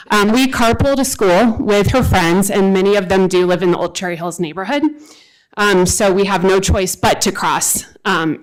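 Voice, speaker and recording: A woman in her forties giving unprepared public comment at a city council meeting, earnest and halting, with many restarts. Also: medium pitch, poor audio. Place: council chamber, speaking at a podium.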